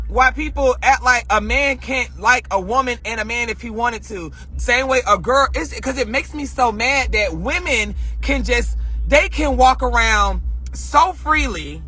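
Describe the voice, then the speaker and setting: A man's voice: very high-pitched, pushed and bright, breathy edge. A man livestreaming from his car, ranting with passion and heavy swearing. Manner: emotional, profane, passionate. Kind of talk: casual heated rant on a live stream. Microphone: phone.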